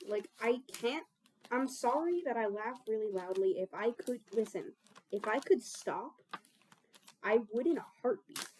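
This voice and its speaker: A woman's voice: fairly high pitch, a little slow, a little mellow, a little hiss or hum. Rambling, self-mocking young woman baking. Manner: chatty, self-mocking, swears freely. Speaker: baking vlogger. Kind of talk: casual rambling chat while baking.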